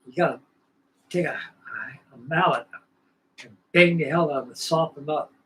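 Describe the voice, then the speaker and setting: A man's voice: a little high, normal speed, fairly bright tone, rough recording. A man hosting a scale-model building livestream, telling rambling, folksy stories in casual chat from his home workshop bench.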